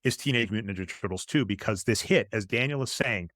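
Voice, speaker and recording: A man's voice: fairly low pitch, fast, a bit bright, no room sound. A man co-hosting a podcast in casual chat, rambling in long run-on stretches and prone to tangents. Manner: admits to going off on tangents. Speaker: podcast co-host.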